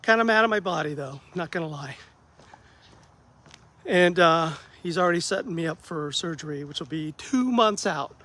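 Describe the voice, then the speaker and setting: A man who works as a therapist, telling a story about his bad day in a casual vlog, acting out the dialogue with lively ups and downs. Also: fairly high pitch, normal speed. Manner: animated, acts out quoted dialogue, self-deprecating.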